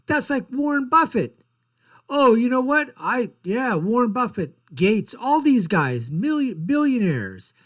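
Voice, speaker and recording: A man hosting a political commentary show, ranting in a blunt, sarcastic and mocking way. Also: very high voice.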